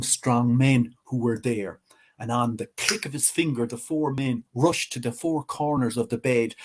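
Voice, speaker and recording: A man telling a folk tale in a measured way, slowing on key words. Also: mid-range voice, darkish tone, breathy edge. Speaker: storyteller.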